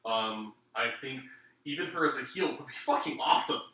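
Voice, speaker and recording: Male co-host, easygoing, casual cursing, sharp bright tone, roomy echo and distant mic. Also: mid-range voice, animated, a little fast. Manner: laid-back, swears casually. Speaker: podcast co-host. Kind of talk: casual chat. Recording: roomy room, distant mic, faint noise.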